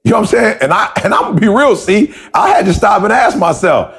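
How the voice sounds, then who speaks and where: A man's voice: high-pitched, sing-song, quick pace, a bit bright. A man hosting a motivational conversation, telling stories with emphatic repeated questions. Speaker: podcast host.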